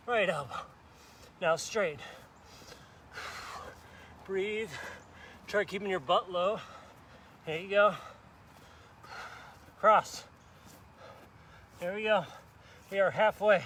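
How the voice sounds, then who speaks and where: A fairly high-voiced man leads a workout outdoors in a park, upbeat and pushing listeners on with countdowns. He is out of breath and sweating as he talks, with faint traffic behind him. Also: slow pace, pauses often, fairly bright tone. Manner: upbeat, urging viewers on with countdowns. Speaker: fitness instructor. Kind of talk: live workout coaching.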